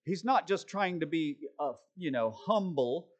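A man's voice: on the high side, lively intonation, a little slow. A man preaching a conversational sermon, full of self-deprecating asides, and often checking in with his listeners. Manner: chatty, self-deprecating asides and frequent "right?" check-ins. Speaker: preacher teaching a Bible study.

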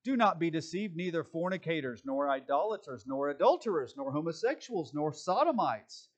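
A man's voice: a little high, animated, moderate pace, few pauses, lo-fi sound. A male pastor preaching a sermon from the pulpit, reading scripture aloud and then shifting into loose, conversational asides. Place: church pulpit.

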